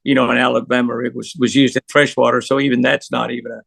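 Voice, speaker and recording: An older man with a deeply gravelly, forceful voice tells folksy fishing stories as an interview guest. He rambles from one anecdote to the next. The sound is dry and close. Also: flat delivery, fast, dry recording. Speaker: pro angler guest. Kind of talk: storytelling interview.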